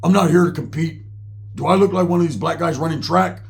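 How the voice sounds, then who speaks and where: A man putting on a brash, loud-mouthed buyer who swaggers and keeps calling everyone brother. His voice rides fairly high and lively. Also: quick pace, vocal fry.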